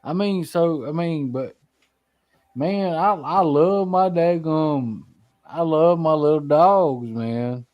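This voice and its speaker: A man's voice: a little high, slow, highs cut off. A man, hosting a casual talk show, rambling with many restarts and folksy swearing. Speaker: podcast host. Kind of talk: casual chat.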